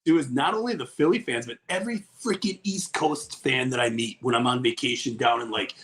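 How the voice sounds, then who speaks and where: A man's voice: mid-range voice, brisk, a bit bright. Blunt, profane man in casual chat. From Wisconsin. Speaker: podcast co-host.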